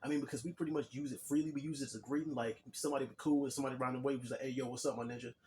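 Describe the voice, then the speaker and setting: A young adult man telling a story straight to his viewers in a relaxed, chatty way, with lots of "like" and "you know". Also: mid-range voice, very fast, slight background noise. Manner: laid-back and chatty, full of "like" and "you know"; addresses viewers directly. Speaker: vlogger. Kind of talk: casual storytelling monologue.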